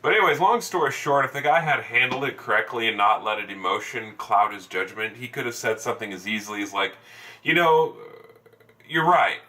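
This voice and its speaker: Rambling man with a bright, distant voice. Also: on the low side, fast, few pauses. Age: adult, over ten years in sales. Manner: rambling, many fillers and restarts. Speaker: salesman vlogger. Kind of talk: casual storytelling.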